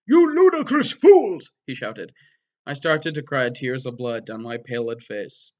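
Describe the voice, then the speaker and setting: A man giving a mock-dramatic reading of a story, breaking off for wry, deadpan sarcastic asides. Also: mid-range voice, muffled recording. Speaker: comedic reader.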